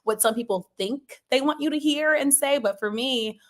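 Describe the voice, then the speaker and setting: A woman from Maryland, a sports journalist, chatting as an interview guest in a lively, talkative way with frequent laughs. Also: high-pitched. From Maryland, USA. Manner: lively and talkative, quick laughs, fillers like "you know". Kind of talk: casual interview chat.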